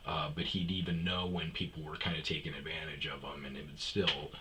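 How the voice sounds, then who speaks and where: Deep-voiced man telling rambling stories. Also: level tone, fairly quick, very noisy. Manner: rambling, profane, acts out quoted lines. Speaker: podcast host telling stories. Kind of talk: casual comedic storytelling.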